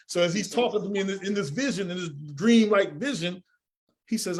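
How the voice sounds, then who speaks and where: Man, podcast guest, higher voice, earnest storyteller who acts out dialogue. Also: a little fast. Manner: earnest, animated storyteller acting out quoted dialogue. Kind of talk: storytelling in an interview.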